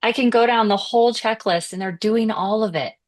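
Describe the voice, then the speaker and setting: A woman's voice: a little high, brisk, a little mellow. A woman chiropractor as a podcast guest, telling anecdotes and acting out little dialogues as she goes. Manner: storytelling, acts out little dialogues. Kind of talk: conversational interview.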